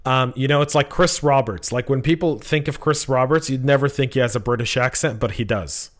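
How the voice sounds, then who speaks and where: A man's voice: medium pitch, fairly quick. A man hosting a tech podcast, opening with playful jokes and then explaining the show's plan. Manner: playful, jokey. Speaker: podcast host.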